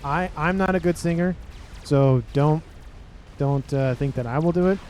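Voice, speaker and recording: Male game caster, slightly high voice, mellow and easygoing, joking and rambling through the play-by-play. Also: moderate pace, a little hiss or hum. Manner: chatty and joking, often laughing and repeating himself. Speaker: game commentator. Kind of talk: casual commentary on a strategy game match.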